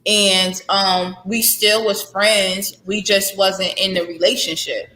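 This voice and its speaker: Bright-voiced woman speaking of faith. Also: mid-range voice, fairly even intonation, slow pace. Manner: heartfelt, faith-filled, repetitive emphasis. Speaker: author guest. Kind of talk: candid interview conversation. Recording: echoey room.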